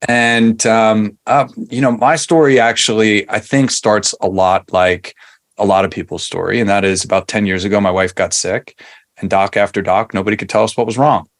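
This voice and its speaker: A man in his forties from Long Island, New York, speaks with a fairly low voice as a podcast guest. He tells his story casually, with frequent fillers and restarts. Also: fairly even intonation, normal speed. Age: 40s. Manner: conversational, many fillers and restarts.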